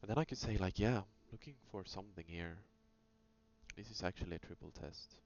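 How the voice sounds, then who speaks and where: Low, gravelly male voice, casual and meandering, on a muffled recording. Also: brisk, a little mellow. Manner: thinking aloud, loose, with many fillers. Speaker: trader reviewing chart trades. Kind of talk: casual screen-recorded trading review. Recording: dull lo-fi sound with faint hum.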